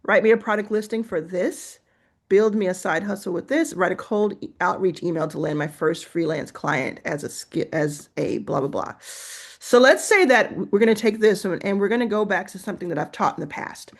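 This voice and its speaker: A woman's voice: mid-range voice, normal speed. A woman hosting a casual screen-share tutorial, chatting and reacting as she goes, laughing to herself while she types and reads aloud. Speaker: host.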